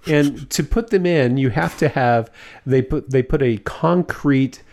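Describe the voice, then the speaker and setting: A man's voice: medium pitch, unhurried, a little mellow. A man co-hosting a podcast, casually explaining things at length. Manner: explains at length with fillers and restarts. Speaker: podcast co-host. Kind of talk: casual chat.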